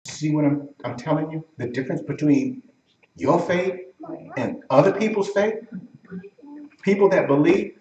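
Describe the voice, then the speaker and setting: A man's voice: on the high side, a little slow, pauses often, darkish tone, distant mic, dull audio. A man preaching a teaching sermon in a church, talking conversationally, quizzing the congregation and acting out the quotes from scripture. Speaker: pastor. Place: church sanctuary. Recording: echoey room, voice from off-mic.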